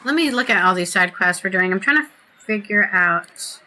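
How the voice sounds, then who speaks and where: A woman's voice: medium pitch, expressive, moderate pace, sharp tone. A woman streamer giving chatty let's-play commentary, reading quest text aloud and reacting as she plays. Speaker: gaming streamer.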